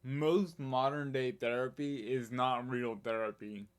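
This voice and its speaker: A man's voice: mid-range voice, steady tone, a little slow, smooth. An American man co-hosting a music reaction video, chatting casually with wry, sarcastic asides. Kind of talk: casual chat.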